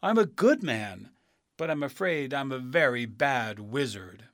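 A man voicing a kindly old man who poses as a wizard, apologetic and gently explaining, in a storybook reading. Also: mid-range voice, expressive, unhurried, no room sound, studio quality.

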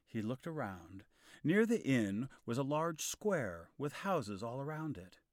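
A man narrating a storybook in a clear, expressive style. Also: medium pitch, unhurried, no room sound, studio quality.

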